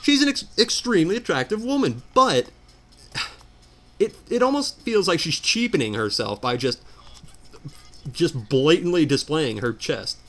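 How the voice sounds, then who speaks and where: Guy ranting over a game, fed up, voice jumping all over, kinda high. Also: measured pace, pauses often. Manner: animated, exasperated ranting. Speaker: let's player. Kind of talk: ranting commentary over gameplay.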